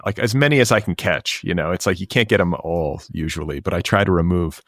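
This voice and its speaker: Deep-voiced man hosting a podcast. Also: brisk, a bit bright, dry recording, clean studio sound. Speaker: podcast host. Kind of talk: casual pop culture chat and read ads.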